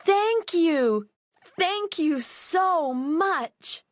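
A woman voicing two eager little girls in a children's storybook, crying out in high, pleading, urgent voices. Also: very animated, a little slow, slightly rough, faint music behind, full character voice.

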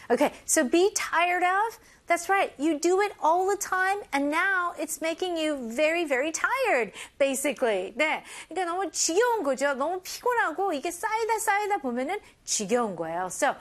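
Animated woman teaching English phrases. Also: very high voice, faint music behind. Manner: animated, drills phrases slowly, laughs between points. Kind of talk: bilingual language lesson.

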